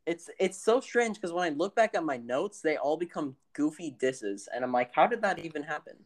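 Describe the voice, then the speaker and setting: A woman's voice: low voice, lively intonation, normal speed, a little mellow. A woman co-hosting a casual podcast, telling a rambling story with lots of restarts. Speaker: podcast co-host. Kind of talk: casual chat.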